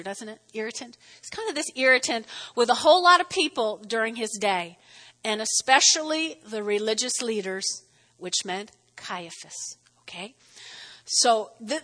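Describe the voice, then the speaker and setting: Animated woman preaching in an echoey hall. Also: on the high side. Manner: animated, chatty, acts out quotes. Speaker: Bible teacher. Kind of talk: lively sermon.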